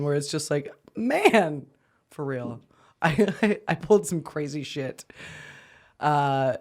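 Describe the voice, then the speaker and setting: An anxious man co-hosting a podcast, telling stories in an animated way, laughing often and jumping up in pitch when worked up. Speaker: podcast co-host. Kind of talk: casual chat.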